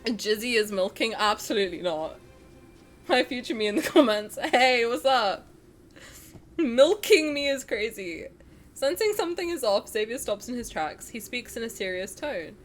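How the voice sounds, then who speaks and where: A woman's voice: on the high side, lively intonation, moderate pace. A young woman streaming, chatting casually with crude jokes and lots of giggling, and reading story text aloud between remarks. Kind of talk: casual reaction stream chat.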